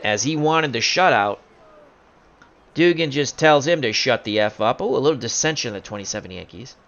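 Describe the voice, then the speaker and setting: A man doing jokey play-by-play commentary on a simulated baseball game, bursting into loud excitement on big plays. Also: medium pitch, lo-fi sound.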